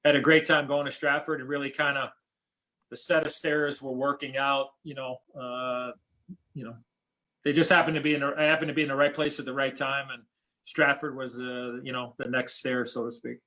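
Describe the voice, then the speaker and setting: In a laid-back storytelling interview, a middle-aged ex-hockey player from the US rambles through anecdotes, often restarting sentences and using fillers. His medium-pitched voice moves little in pitch, comes at a normal speed, and sounds pushed and bright.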